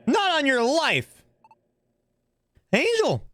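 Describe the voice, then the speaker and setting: A man voicing a small, brave young Pokémon hero in a squeaky, very high, excitable voice. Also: extremely slow, dry recording, heavily acted. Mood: excited.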